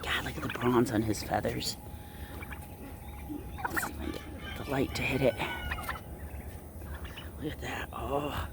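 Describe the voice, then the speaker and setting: A woman on her small farm, filming on her phone as she coos and dotes over her turkeys, slipping into soft laughs and whispers. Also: a bass voice, steady tone, measured pace, creaky, pauses often, very noisy. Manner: cooing and doting, breaking into soft laughs and whispers. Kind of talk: casual talk to her animals on camera. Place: outdoors on a farm among poultry.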